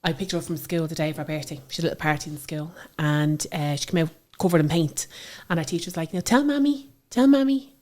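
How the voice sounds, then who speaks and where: A woman in her thirties with an Irish accent, telling stories about her daughter in a chatty, animated way. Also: deep voice, fast talker, few pauses. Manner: chatty, animated storytelling with frequent fillers. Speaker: interview guest, mother. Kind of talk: casual conversational interview.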